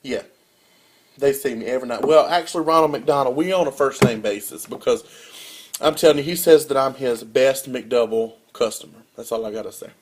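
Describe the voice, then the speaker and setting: A young man, a college student telling a comic rant as a casual vlog with big swings in pitch and loudness. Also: fairly quick, a little hiss or hum. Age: young adult. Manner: animated storytelling with wide swings in pitch and loudness.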